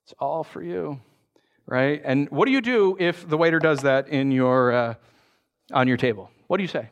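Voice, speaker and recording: A man with a smooth, medium-pitched voice preaches at normal speed, the sound a bit lo-fi. He's the pastor at a church, lively and joking as he spins stories and puts questions to the congregation.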